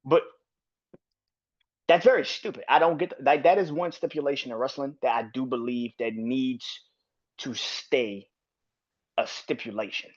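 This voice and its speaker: A man's voice: medium pitch, moderate pace, long pauses, muffled recording. A man hosting a solo wrestling review podcast, ranting with heavy swearing and frequent restarts. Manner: profane, ranting, repetitive restarts. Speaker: podcast host.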